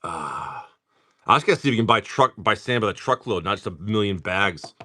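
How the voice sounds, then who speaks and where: A man hosting a casual livestream who greets viewers by name, chats, and swears freely while opening card packs. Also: fairly low pitch. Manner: animated, quick bursts of talk. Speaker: card-breaking livestream host.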